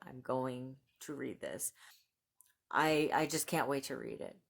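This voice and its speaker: A woman book vlogger chatting casually about new books and reading the blurbs aloud, gushing and excitable and laughing often. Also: extremely low pitch, a little slow, vocal fry.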